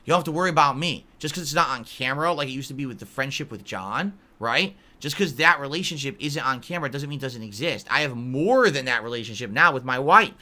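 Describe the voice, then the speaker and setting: A man's voice: mid-range voice, expressive, fast talker, hardly any pauses, pushed and bright. A man in his early forties answering live chat on a stream, blunt and easily irritated, calling viewers idiots. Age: 40s.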